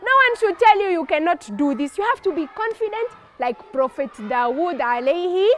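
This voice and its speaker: A woman telling a story to children in an animated, expressive, playful way. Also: very high voice, moderate pace, a little hiss or hum.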